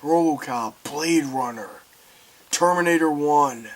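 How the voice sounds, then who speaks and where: A young man giving a casual film review, excitable and swearing, acting out scenes loudly. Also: on the high side, slow pace.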